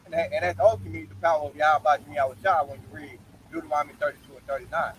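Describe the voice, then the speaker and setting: Brief: fairly high-voiced male scripture reader, explanatory, with a faint vehicle hum behind him. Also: steady tone, rapid-fire, low-quality recording. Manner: reads scripture aloud, punctuates with "okay?". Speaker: Bible study teacher.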